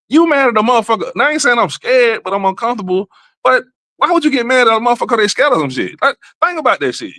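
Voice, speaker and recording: Profane, lively-voiced male comedy host. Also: sits high, fast, dry recording. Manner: profane, loose, riffing rants with repeated fillers. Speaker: show host. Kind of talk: casual comedic livestream commentary.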